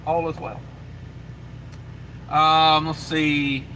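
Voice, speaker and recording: Bright-voiced laid-back trucker man. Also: fairly high pitch, little pitch movement, drawn-out words, slight background noise, poor audio. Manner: laid-back and rambling, with many fillers and repeated phrases. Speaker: trucker livestream host. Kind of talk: casual live chat, reading viewer comments aloud.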